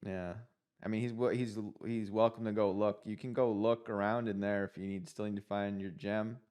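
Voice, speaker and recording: A man's voice: on the low side, little pitch movement, normal speed, darkish tone, clean tone. A man playing a tabletop game casually, hesitant and full of fillers. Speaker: player.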